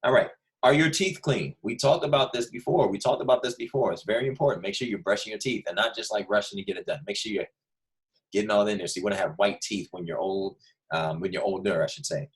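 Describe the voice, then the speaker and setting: A man's voice: fairly low pitch, fast talker. A man teaching a second grade class online, upbeat and joking, talking straight to the children and calling on them by name.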